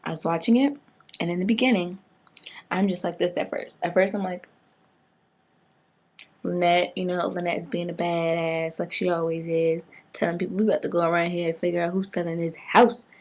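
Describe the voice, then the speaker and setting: A woman excitedly recapping a TV episode in casual slang, breaking into loud outbursts. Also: lowish voice, moderate pace. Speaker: TV fan reviewer.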